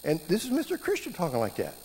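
A middle-aged man preaching a sermon, telling stories in a lively way and jumping up in pitch when he acts out scenes. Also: fast talker, breathy edge. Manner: animated storytelling, voice jumping up in reenactments. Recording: hall reverb with faint background hum.

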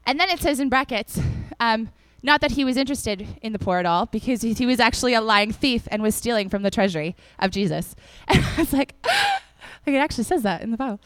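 A woman's voice: a little high, fast, few pauses, clear, resonant tone, no room sound. A young woman giving a casual, chatty sermon to a congregation, acting out the people in the stories as she tells them. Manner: chatty and animated, acts out the people in the story. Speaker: preacher.

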